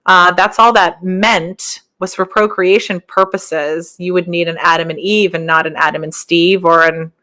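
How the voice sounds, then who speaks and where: A woman hosting a podcast, talking casually through her stories with frequent laughs and rambling asides, her voice jumping higher whenever she quotes someone. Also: fairly even intonation, normal speed, hardly any pauses, sharp tone. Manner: jumps up in pitch when quoting others. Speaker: podcast host. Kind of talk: casual spiritual monologue.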